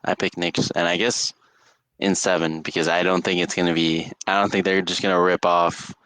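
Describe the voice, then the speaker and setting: A man's voice: low-pitched, little pitch movement, moderate pace, fairly bright tone, dry recording. A young man co-hosting a casual sports podcast, rambling with lots of fillers and restarts. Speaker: podcast co-host.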